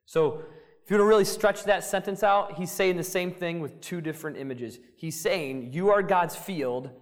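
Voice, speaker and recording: A man's voice: sits high, normal speed. A male pastor preaching a sermon in a conversational, emphatic way, often checking in with "right?". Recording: long reverb of a large hall.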